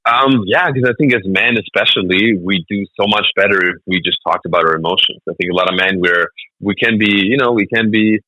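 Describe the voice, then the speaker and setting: Comedian guest, male, 30s; quick, punchy, animated storyteller. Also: fairly low pitch, no echo, low-quality recording. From Germany. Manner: animated storytelling, laughs often. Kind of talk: casual interview chat.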